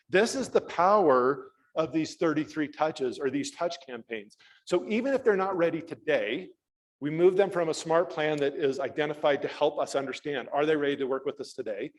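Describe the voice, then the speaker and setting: A man giving a real estate training talk, animated and self-deprecating, acting out dialogue as he tells a story. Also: on the high side, moderate pace, low-quality recording. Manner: self-deprecating humor, laughs at himself.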